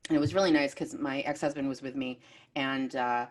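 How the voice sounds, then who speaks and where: A low-pitched woman from Maine hosts a casual chat, rambling through anecdotes with frequent "um" and "you know." Her delivery is animated and loose, full of restarts. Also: fairly quick. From Maine, USA. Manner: animated storyteller, many fillers and restarts. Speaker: podcast host.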